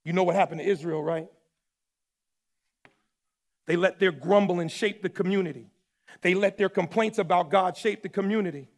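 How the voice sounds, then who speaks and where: A man preaching a sermon as pastor. He swings from shouted, emphatic lines to low, quiet asides. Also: moderate pace, pauses often, in a large hall. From New York or New Jersey area.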